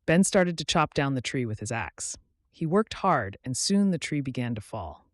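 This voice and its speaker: A man hosting his channel, narrating a children's story clearly and expressively for English learners. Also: mid-range voice, very animated, moderate pace, no echo, clean studio sound.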